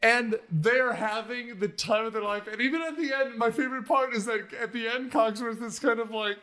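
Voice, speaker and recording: A man's voice: very high-pitched, moderate pace, sharp tone. A man hosting a movie podcast, chatting casually in a joking way and swearing freely. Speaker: podcast host. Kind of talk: casual movie-review chat.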